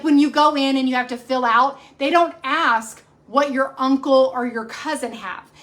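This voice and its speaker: A high-pitched woman in her forties, talks casually to her audience. She rambles and keeps correcting herself mid-sentence, in a friendly, chatty way. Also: sharp tone. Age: 40s. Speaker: cooking channel host. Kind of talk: casual livestream chat.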